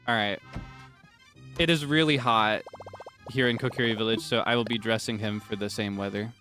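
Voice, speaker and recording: A man streaming a game, chatting casually and rambling between sudden loud, high outbursts. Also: fairly even intonation, normal speed, long pauses, soft background music. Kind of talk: casual gameplay chat.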